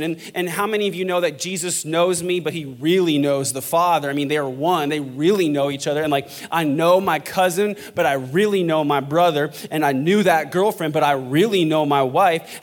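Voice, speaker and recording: A young man preaching a sermon in a church, joking and lively, swinging between loud bursts and hushed passages. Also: a little high. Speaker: pastor. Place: church auditorium.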